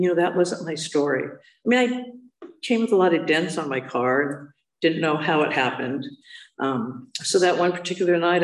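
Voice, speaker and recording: Woman speaker, candid personal storytelling, wry and animated; room echo, mic at a distance. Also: deep voice. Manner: candid, self-mocking, animated quoting of others. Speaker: speaker sharing a recovery story.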